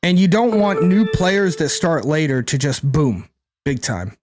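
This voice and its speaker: A man's voice: a little high, very animated, unhurried, darkish tone, soft background music. A man streaming a card game, rambling and thinking aloud to his chat, swearing casually. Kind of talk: casual gameplay commentary to chat.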